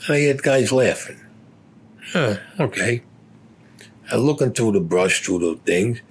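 A man's voice: medium pitch, expressive, unhurried, breathy edge. An older man, a war veteran, recounting his combat memories in a blunt, profane storytelling way.

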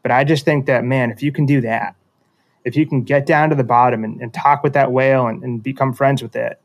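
Guy thinking out loud through a story, restarts a lot, medium pitch. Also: fairly even intonation, brisk. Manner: reflective, self-deprecating, frequent restarts. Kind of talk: casual storytelling in conversation.

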